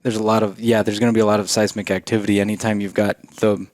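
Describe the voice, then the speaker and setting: A man's voice: fairly low pitch, level tone, fast talker, darkish tone, dry recording, studio quality. A man co-hosting a podcast, explaining things at length in casual, laid-back chat. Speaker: podcast co-host.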